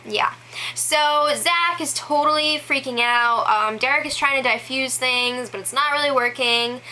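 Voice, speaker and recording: A woman giving a casual, chatty recap, full of "like" fillers and quick laughs. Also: high-pitched, sharp tone, low-quality recording. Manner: chatty, many "like" fillers, laughs between quotes. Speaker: show recap host.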